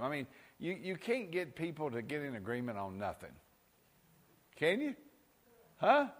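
A male preacher, delivering a sermon that swings between loud emphatic peaks and quiet, intimate asides. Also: medium pitch. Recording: long reverb of a large hall.

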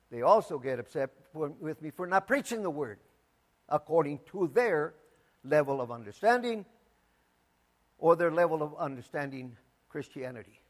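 A man with a slightly high voice preaches as a pastor, emphatic throughout. He alternates loud declarations with hushed asides and repeats words to stress them.

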